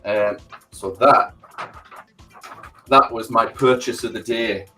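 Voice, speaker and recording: A man's voice: fairly low pitch, fairly even intonation, takes it slowly, sharp tone, faint music behind. A middle-aged man, chatting casually with a friend as co-host, calling him mate and swearing freely. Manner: chatty, matey, swears freely, many fillers. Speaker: podcast co-host. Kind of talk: casual chat between friends.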